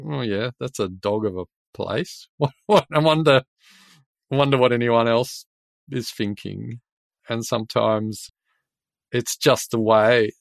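An Australian man hosts a casual podcast chat, telling anecdotes in a loose, rambling way and laughing often. His voice sits at an ordinary middle pitch. The recording is dry and close, with little room sound. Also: no echo. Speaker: podcast host and builder.

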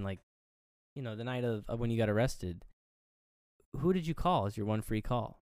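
A man's voice: normal speed, dry recording, studio quality. A man co-hosting a podcast, casually recapping a movie scene by scene and acting out the characters' lines. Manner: animated retelling, acts out quotes with pitch jumps; loose and profane, lots of fillers. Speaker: podcast co-host.

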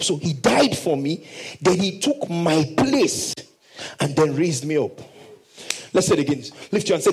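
A man preaching a sermon, reading scripture slowly and emphatically and leading the congregation in call and response. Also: fairly high pitch, very animated, darkish tone, slightly rough, low-quality recording. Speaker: pastor.

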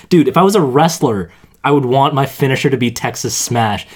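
A young man from Canada in casual chat as a podcast co-host, excitable, swearing a lot and bursting into laughter. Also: mid-range voice, brisk, slightly rough.

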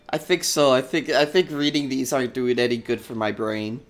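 A man's voice: medium pitch, fairly even intonation, a little slow, soft background music. A man co-hosting a comedy show who reads fan fiction aloud, stumbles over words and swears often. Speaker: podcast co-host reading fan fiction. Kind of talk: casual comedic reading.

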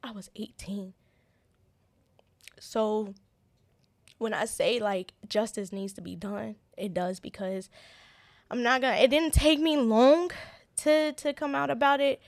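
A young woman with a gravelly touch of vocal fry speaks as an interview guest, telling a personal story. Her delivery is earnest and halting, with frequent restarts and repeated words. The sound is dry and close, with little room echo. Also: on the high side. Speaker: interview guest, business owner.

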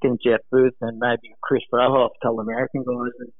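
A man, a former pro surfer, telling animated anecdotes in casual chat, acting out voices and laughing often. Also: medium pitch, fast talker, no room sound. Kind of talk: casual storytelling. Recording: dry, phone-like narrow sound.

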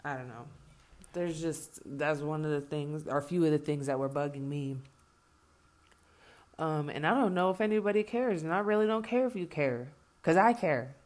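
A woman's voice: low voice, normal speed, darkish tone. Blunt, cursing woman on a rant. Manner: blunt, heavily profane, emphatic; repeats herself for emphasis. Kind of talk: impassioned spoken rant.

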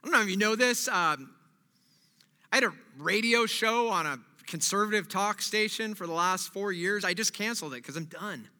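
A man preaching a sermon as pastor, moving between quiet reflection and loud animated preaching. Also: sits high, moderate pace. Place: church. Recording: long reverb of a large hall.

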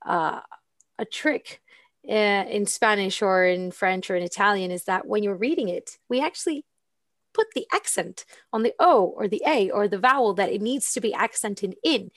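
A female English teacher explains pronunciation in an easygoing, fluent way, with frequent ums between phrases. Her voice sits at an average pitch for a woman. The recording is dry and close. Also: moderate pace, no echo. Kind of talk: casual explanatory chat.

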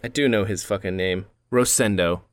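A man in his thirties hosting a casual podcast, telling an animated, swear-filled rant. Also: on the low side, moderate pace. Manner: animated ranting storyteller, swears a lot. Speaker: podcast host.

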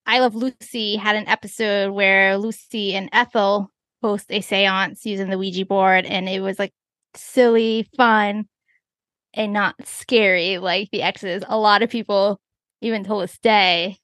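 A woman's voice: mid-range voice, unhurried, dry recording. A woman co-hosting a podcast, talking casually with lots of fillers as she explains things. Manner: relaxed rambling with many fillers. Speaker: podcast co-host. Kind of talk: casual chat.

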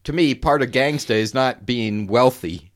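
A man co-hosting a podcast in casual chat, animated, laughing often and restarting his sentences. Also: medium pitch, moderate pace. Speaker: podcast co-host.

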